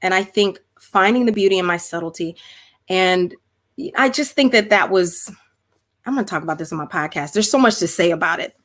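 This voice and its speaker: A woman's voice: on the low side, fairly quick. A middle-aged woman, a guest performer, chatting animatedly on a video call with many restarts and fillers. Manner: animated, talks with her hands in words, many restarts and "like". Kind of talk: casual video-call chat.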